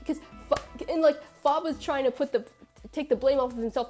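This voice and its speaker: High-voiced excitable woman streamer ranting. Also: a little fast, music in the background. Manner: excitable ranting, laughs and swears. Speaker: streamer reacting to a game. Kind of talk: live-stream reaction chat.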